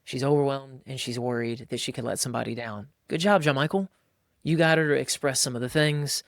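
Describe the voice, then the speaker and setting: A man hosting a podcast, coaching listeners in a lively, casual way and acting out voices as he talks. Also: medium pitch, fairly quick, dry recording, studio quality. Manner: animated, acts out voices. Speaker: podcast host.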